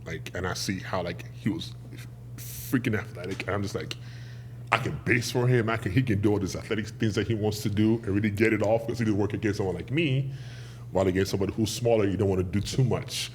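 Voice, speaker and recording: A man talks as a guest on a podcast, acting out the people in his stories. His voice sits a bit low, and he tells a tale with lively energy. A faint background noise runs under the recording. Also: quick pace. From Nigeria. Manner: lively, animated storyteller acting out quoted voices. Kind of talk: casual interview storytelling.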